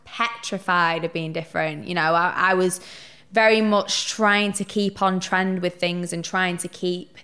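Guest: young woman, lowish voice, chatty and candid, swears casually. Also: unhurried. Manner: chatty, animated storyteller who swears casually. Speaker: podcast guest. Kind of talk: casual interview chat.

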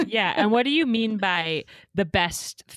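A woman hosting a podcast, asking questions and responding with warm, affirming remarks in a casual chat. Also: medium pitch, animated, unhurried, no echo. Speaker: podcast host, interviewer.

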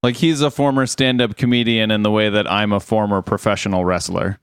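Deadpan low-voiced man. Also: brisk, clean tone, no room sound. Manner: deadpan jokes. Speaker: podcast co-host reacting to a clip. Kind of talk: casual chat.

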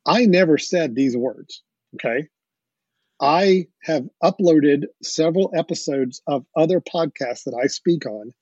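A man's voice: a little high, measured pace, darkish tone, breathy edge, no room sound. A man hosting a podcast, explaining things with enthusiasm and the odd chuckle, on dull lo-fi audio. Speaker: podcast host. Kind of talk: casual podcast chat.

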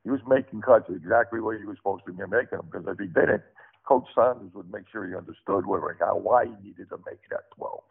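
A man's voice: fairly low pitch, fast, creaky, breathy edge. A man, a former offensive line coach, chatting earnestly and repeating phrases for emphasis. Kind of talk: casual chat. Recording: phone-like narrow sound.

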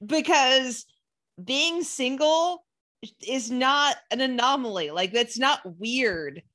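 Emphatic woman with a higher voice. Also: animated, slow pace, sharp tone. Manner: opinionated and emphatic. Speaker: podcast co-host. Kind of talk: casual chat.

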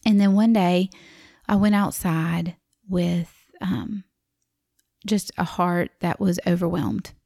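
A middle-aged woman from the American South with a Southern accent, telling a personal story in a chatty, animated way and acting out the voices she quotes. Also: on the low side, creaky, no room sound, studio quality.

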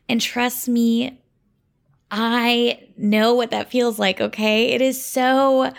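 A woman's voice: fairly high pitch, creaky. A woman in her thirties talking earnestly and conversationally to other mothers about faith and parenting, often checking in with her listeners. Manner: earnest, conversational, with tag questions. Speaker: Christian mom speaker. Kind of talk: faith-based talk to mothers.

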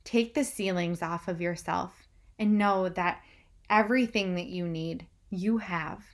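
A woman's voice: fairly low pitch, a little slow. A young woman vlogging an enthusiastic, emotional recap that she speaks straight to her viewers. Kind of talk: casual vlog recap.

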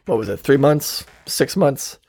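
A man's voice: medium pitch, animated, unhurried, vocal fry, darkish tone, breathy edge. A man co-hosting a podcast, chatting casually, sarcastic and swearing freely. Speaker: podcast co-host. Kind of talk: casual chat.

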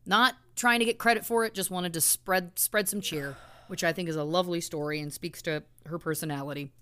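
A woman's voice: fairly low pitch, a little fast, a bit bright, clean tone. A woman co-hosting a casual true crime podcast, telling the story in a chatty way with indignant asides. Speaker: podcast co-host.

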